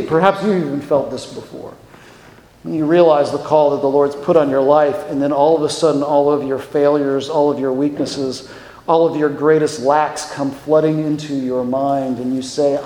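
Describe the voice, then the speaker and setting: A man preaching a sermon, lively and acting out the voices in the passage he reads. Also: a little high, moderate pace. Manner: animated, acts out the voices of the passage. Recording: echoey hall with long reverb.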